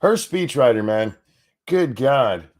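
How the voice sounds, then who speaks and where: A man hosting a show, giving sarcastic, mocking commentary over news clips, his voice swinging between loud and soft. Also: medium pitch, lively intonation, takes it slowly. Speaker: show host.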